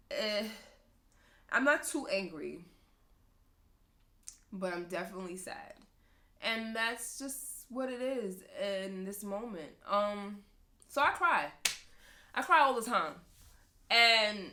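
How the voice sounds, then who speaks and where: A woman's voice: mid-range voice, a bit bright. A young woman hosting a podcast, talking candidly and emotionally about motherhood, often laughing. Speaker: podcast host, mother of two sons. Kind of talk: candid personal talk.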